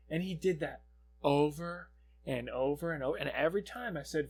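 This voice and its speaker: A man's voice: a little high, fast talker, creaky, faint music behind. A young man co-hosting a podcast, telling a rambling, profanity-laced story in casual chat. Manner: rambling storyteller, swears a lot. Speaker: podcast co-host.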